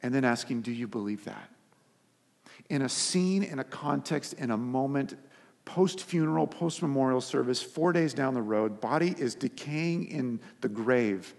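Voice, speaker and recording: A man preaching a sermon as pastor, earnest, stacking repeated phrases for emphasis and dropping soft for quoted words. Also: medium pitch, normal speed, creaky. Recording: long reverb of a hall.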